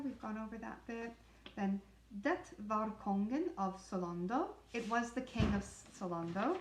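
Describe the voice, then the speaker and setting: A woman teaching the pronunciation of song lyrics, reading lines slowly and then explaining the sounds in quick asides. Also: medium pitch, fairly even intonation. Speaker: singing pronunciation coach. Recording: echoey room.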